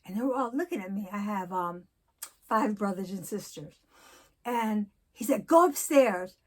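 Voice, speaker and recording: A woman in her sixties talking candidly in a personal vlog, telling stories and reflecting slowly. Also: medium pitch. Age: 60s. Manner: candid storytelling, slow and reflective. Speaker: vlogger.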